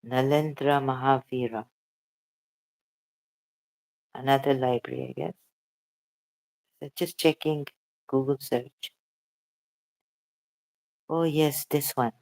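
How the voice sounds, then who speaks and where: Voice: mid-range voice, fairly even intonation, slow pace, gravelly, pauses often, a little mellow. A channel host talking emotionally and hesitantly in a casual livestream chat.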